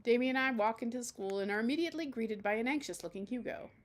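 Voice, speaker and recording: A woman's voice: a little high, quick pace, a little hiss or hum. A woman streamer reading a dating game aloud, with casual, chatty asides between the lines.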